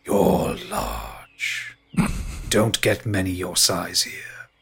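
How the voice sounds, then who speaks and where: A man doing an ancient, slow tree spirit. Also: low voice, steady tone, husky, pitched below the performer's own voice, exaggerated voice. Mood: curious. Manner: very slow, ponderous, solemn.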